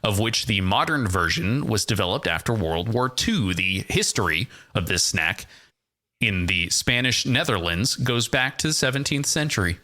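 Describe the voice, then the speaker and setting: A man's voice: on the low side, lively intonation, normal speed, pushed and bright. A man hosting a casual podcast quiz, reading out facts in a dry, teasing way. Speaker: podcast host running a quiz. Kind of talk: casual chat.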